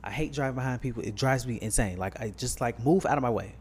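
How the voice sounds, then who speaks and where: A man's voice: medium pitch, fast, a little mellow. Sassy young man venting, faint background noise. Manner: irritated, sassy storytelling. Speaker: podcast co-host. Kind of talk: casual podcast chat.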